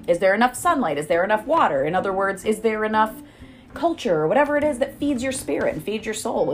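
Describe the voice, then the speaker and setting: A woman talks on and on in easygoing chat, joking and rambling as a guest. Her voice sits at an ordinary middle pitch. Soft music plays faintly underneath. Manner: talkative, rambling, jokey. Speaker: guest friend. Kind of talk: casual chat.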